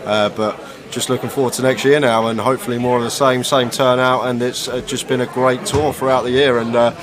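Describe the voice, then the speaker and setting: A man co-hosting a poker stream, chatting in a relaxed, upbeat way. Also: medium pitch, a little fast. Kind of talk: casual live stream chat. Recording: noisy crowd at the mic. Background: crowd noise.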